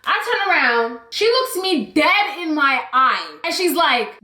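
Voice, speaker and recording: A young woman vlogger telling a storytime story in an animated, blunt way, swearing freely. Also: high voice, moderate pace, few pauses, roomy sound. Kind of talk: storytime vlog.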